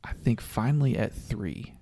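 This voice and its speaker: A man's voice: mid-range voice, moderate pace, dark tone, slight background noise. A man co-hosting a podcast, chatting casually and telling a story with frequent laughs. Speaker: podcast co-host. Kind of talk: casual sports chat.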